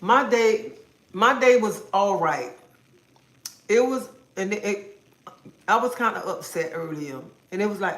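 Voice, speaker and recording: A talkative woman hosts a relaxed livestream from home, sassily teasing and playfully scolding her viewers in casual chat. Her mid-range voice moves at a measured pace with long pauses, and a noticeable roomy echo makes it sound like she's talking into a phone in an open room.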